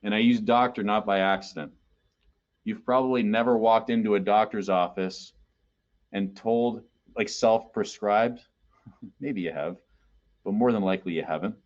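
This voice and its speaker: A man's voice: lowish voice, normal speed, pauses often, dull audio. A man presenting a sales training webinar in a conversational way, often checking in with listeners. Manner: conversational, keeps checking in with "okay?".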